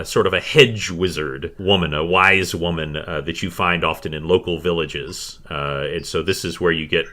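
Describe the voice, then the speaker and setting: Lively, bright-voiced game master man. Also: sits low. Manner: hesitant, many fillers. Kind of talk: narrating a tabletop game.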